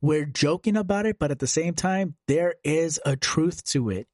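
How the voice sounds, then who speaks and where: A man's voice: on the high side, lively intonation, moderate pace, darkish tone, no echo, studio quality. A man hosting a casual political chat podcast, talking loosely with fillers and casual swearing. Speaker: podcast host.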